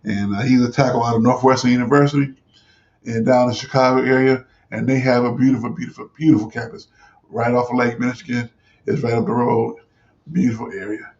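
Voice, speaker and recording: A man hosting a casual sports talk show, his voice gravelly with a mid-range pitch. He rambles through his points with frequent fillers and restarts. The recording sounds dull and lo-fi. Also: flat delivery, fairly quick, darkish tone.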